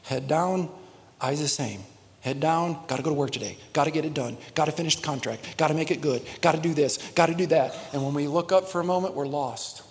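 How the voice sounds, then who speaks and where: Pastor, male, animated sermon delivery, hushed to loud, slightly high voice, long hall reverb. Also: brisk. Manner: animated preaching, big swings from hushed to shouting.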